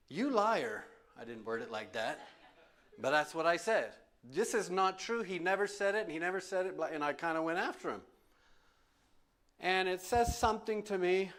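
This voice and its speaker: A man with a slightly high, fairly bright voice preaches as pastor in a church sanctuary. He speaks emphatically in a question-and-answer format and repeats phrases to stress them.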